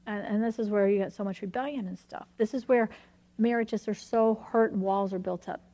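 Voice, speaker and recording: A woman preaching a sermon, telling a personal story with animated, emphatic delivery. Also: mid-range voice, brisk.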